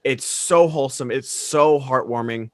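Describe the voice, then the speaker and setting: A man chatting enthusiastically about a favorite film on a video call, getting loud when excited. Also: medium pitch, a little slow, dry recording, studio quality. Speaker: podcast co-host. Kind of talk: casual movie discussion. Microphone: remote video call.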